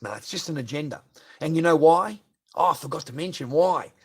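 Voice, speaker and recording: A man's voice: a little high, lively intonation, brisk, darkish tone, husky. A man on a livestream, ranting profanely and asking "right?" again and again. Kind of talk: unscripted livestream rant.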